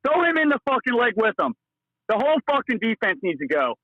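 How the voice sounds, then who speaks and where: A man's voice: very high voice, big pitch swings, fairly quick, dry recording. A man calling a sports talk show, ranting furiously and cursing at every turn, heard over a phone line. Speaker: caller. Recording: tinny phone line, dry.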